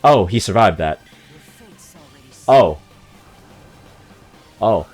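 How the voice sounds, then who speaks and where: A man's voice: fairly low pitch, animated, extremely slow, a little mellow, faint music behind. Slangy, rambling man streaming a game. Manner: rambling, slangy, swears, self-mocking. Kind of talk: casual gaming commentary.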